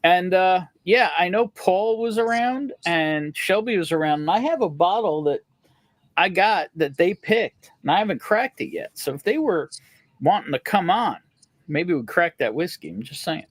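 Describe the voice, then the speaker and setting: A man's voice: high voice, expressive, normal speed, no room sound. A man hosting a casual livestream chat in a playful, joking way, greeting viewers between questions. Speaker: host.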